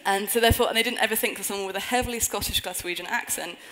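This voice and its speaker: On a conference stage before an audience, a woman gives an earnest talk spiced with wry, humorous asides. Her mid-range voice is fairly bright and rapid-fire, and the recording sounds rough.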